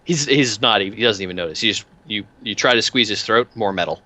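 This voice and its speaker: A man's voice: lowish voice, quick pace, sharp tone. A man narrating as game master in a tabletop game, rambling with many fillers and restarts.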